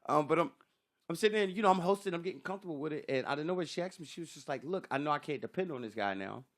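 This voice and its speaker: A man who is a stand-up comedian, telling stories in an animated way with casual swearing on a podcast. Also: fairly high pitch, rapid-fire. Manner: animated storytelling, swearing freely.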